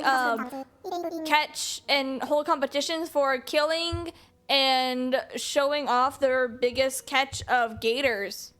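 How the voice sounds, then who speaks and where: Streaming a video game, this woman keeps up a playful, rambling casual chat and chuckles to herself as faint game music plays. She talks slowly in a high, slightly bright voice with fairly even intonation.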